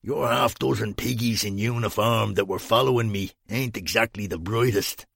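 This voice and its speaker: A man's voice: fairly low pitch, vocal fry, fairly bright tone, husky, dry recording, heavily acted. A man voicing a coarse, indignant criminal, swearing and complaining in a dry storybook reading. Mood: sarcastic. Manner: crude, swearing, quick to complain.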